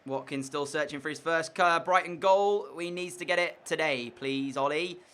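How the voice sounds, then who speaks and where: A young man giving commentary over a football video game, sliding between frustrated muttering and shouted excitement. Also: a little high, moderate pace, clean tone. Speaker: gaming YouTuber.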